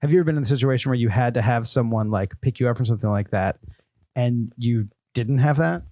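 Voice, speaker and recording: A man's voice: mid-range voice, fast talker, warm tone, no echo, studio quality. A man co-hosting a podcast, chatting casually and eagerly with his guest. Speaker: podcast co-host. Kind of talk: casual chat.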